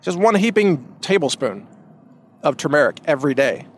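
A man on his own podcast, his voice pitched a little high for a man. He talks in a loose, rambling monologue, doubling back on his words and leaning hard on emphatic points. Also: big pitch swings, moderate pace. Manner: rambling, emphatic, many restarts. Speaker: podcast host. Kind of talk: casual monologue.

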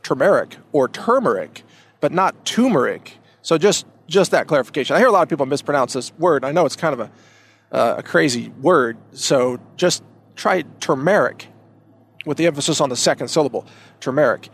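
A man's voice: fairly high pitch, quick pace. A man hosting a podcast, talking in a casual monologue that rambles and restarts, with emphatic stresses. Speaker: podcast host.

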